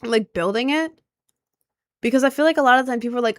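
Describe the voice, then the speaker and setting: A woman's voice: on the high side, fast talker, no echo, clean studio sound. A young woman streamer chatting casually with her viewers, rambling and easily sidetracked in an upbeat way.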